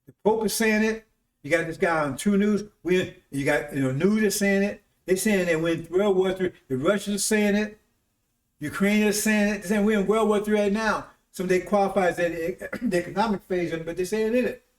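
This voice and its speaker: High-sitting and brisk, this man's voice carries a loose, wandering sermon on the broadcast he hosts. He keeps reaching out to listeners with "See?" and "Right?". The recording has a roomy echo, and he sounds far off-mic.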